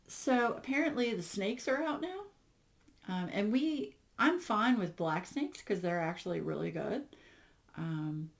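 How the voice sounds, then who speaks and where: Low-voiced chatty woman. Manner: chatty, animated, wry sarcasm with lots of fillers. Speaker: diamond painting YouTuber. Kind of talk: casual chat to viewers.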